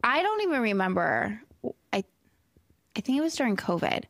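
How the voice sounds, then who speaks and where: A woman's voice: fairly high pitch, very animated, normal speed, a bit bright, dry recording. Laughing young woman with a dry close voice. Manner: candid, laughing storyteller. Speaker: podcast co-host. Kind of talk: casual chat.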